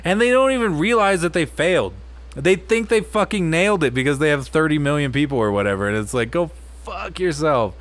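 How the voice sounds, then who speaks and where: A man's voice: a little high, lively intonation, a little fast, a bit bright, dry recording. Man ranting with heavy swearing. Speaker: podcast co-host. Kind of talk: casual podcast chat.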